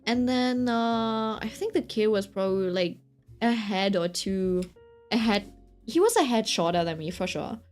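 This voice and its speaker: A young woman telling a chatty, animated story to her stream audience, often checking in with her listeners. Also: medium pitch, a little slow, faint music behind. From Britain. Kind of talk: casual storytelling chat.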